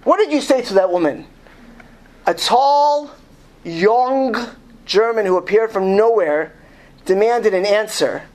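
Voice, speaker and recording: A man reading a story aloud to an audience, slow and emphatic, stumbling and restarting often. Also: high-pitched. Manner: reads slowly and with emphasis, with frequent restarts. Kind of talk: lecture with read-aloud story.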